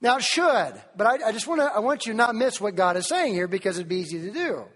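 High-voiced Tennessee preacher in a reverberant hall. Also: male voice, fast talker. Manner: animated, questioning the congregation, quoting King James scripture. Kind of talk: sermon.

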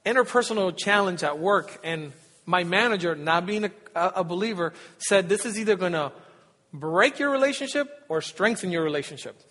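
A man preaching a sermon as pastor, earnest, pausing and swelling for emphasis. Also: sits high, fairly bright tone. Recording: long hall reverb.

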